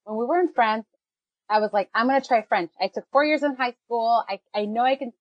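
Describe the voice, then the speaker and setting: A woman in her forties telling a travel anecdote on a casual podcast, animated and self-mocking. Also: fairly high pitch, a little fast, no room sound, muffled recording. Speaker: podcast co-host. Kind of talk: casual storytelling chat.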